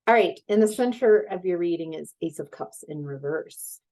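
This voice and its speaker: A woman's voice: lowish voice, lively intonation, moderate pace, dark tone, low-quality recording. A woman tarot reader giving a casual reading, telling stories in a chatty way and laughing easily.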